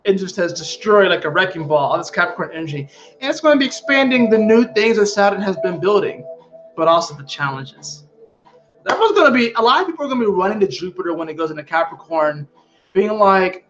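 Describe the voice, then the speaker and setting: A man with a high voice, chatting loosely and emphatically to viewers about astrology and dropping plenty of profanity. The sound is dull and lo-fi, with faint music in the background. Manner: animated, emphatic, frequently profane. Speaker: astrology vlogger. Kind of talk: casual spiritual chat to viewers.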